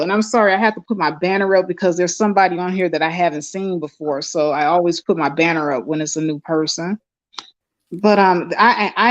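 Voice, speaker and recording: A woman hosting a live online chat stream, effusive and full of fillers and restarts. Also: fairly low pitch. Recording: dull lo-fi stream audio.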